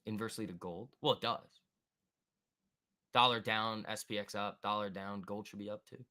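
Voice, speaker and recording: A man hosting a live stock trading stream, thinking aloud and answering chat in an excitable, quick way. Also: on the low side. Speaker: stock trading livestream host. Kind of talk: live market commentary reading chat.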